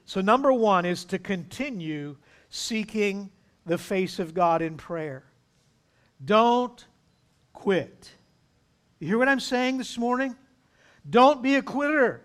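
A man's voice: sits high, lively intonation, unhurried, fairly bright tone. A man preaching a sermon as pastor, emphatic, acting out voices from the scripture. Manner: emphatic, acts out pleading voices.

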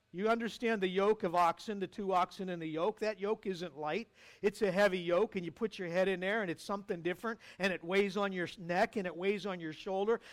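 A man preaching a sermon as pastor, earnest and conversational, with rhetorical asides to the congregation. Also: sits high.

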